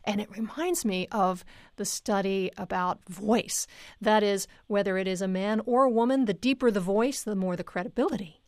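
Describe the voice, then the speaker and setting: A woman hosting a public radio talk show, introducing guests and moderating in a clear, conversational way. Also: mid-range voice, moderate pace, no room sound, clean studio sound. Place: radio studio.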